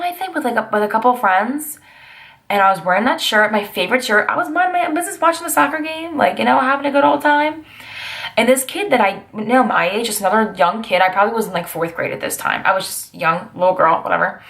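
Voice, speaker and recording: Chatty young woman with vocal fry. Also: medium pitch, lively intonation, brisk. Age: 20s. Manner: chatty, rambling storytelling with sassy asides. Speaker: vlogger. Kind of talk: confessional personal vlog.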